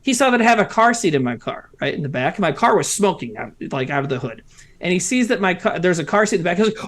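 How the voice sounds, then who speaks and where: A man's voice: sits high, fast talker. A man co-hosting a casual live stream, telling stories with lots of swearing. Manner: animated storytelling with lots of swearing. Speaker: co-host of a live-streamed comedy show. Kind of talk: casual chat.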